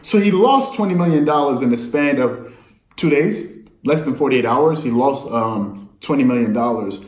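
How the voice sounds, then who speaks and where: A man's voice: mid-range voice, lively intonation, normal speed, darkish tone. Man riffing on sports news in an echoey room. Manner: rambling, incredulous, addresses viewers directly. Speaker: sports commentator. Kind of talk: casual sports talk monologue.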